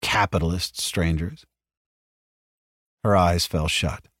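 Guy reading scifi story aloud, lowish voice, dry close mic. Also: steady tone, takes it slowly, fairly bright tone, no echo. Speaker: narrator. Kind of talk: audiobook reading of science fiction.

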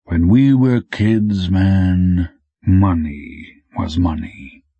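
A man voicing a weary, mournful male informant in an audiobook, talking slow, flat and sad. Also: fairly low pitch, vocal fry, dry recording. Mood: patient. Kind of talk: audiobook character voice. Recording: dull dry recording.

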